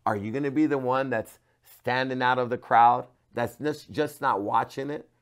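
A man, a pastor, giving a devotional sermon to camera, moving from hushed, earnest talk to loud, pleading cries. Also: mid-range voice, normal speed, clear, resonant tone. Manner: passionate, swings from hushed to loud cries when quoting.

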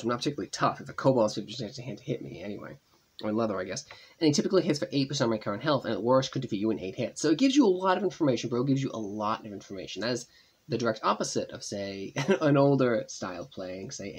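A man's voice: mid-range voice, slightly rough. A man casually commenting on his gameplay, chatty and rambling, thinking aloud as he plays. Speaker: gaming channel host. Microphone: tablet gameplay voice-over.

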